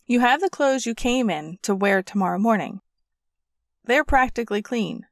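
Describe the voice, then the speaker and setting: Woman doing a cheery practical mom, brisk and reassuring, dry close mic. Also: on the high side, animated, dry recording. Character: practical, cheerful young mother.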